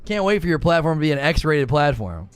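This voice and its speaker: A man's voice: on the high side, very animated, a little fast, faint music behind. A man hosting a gaming live stream, talking casually, rambling, joking and repeating himself as he reads chat.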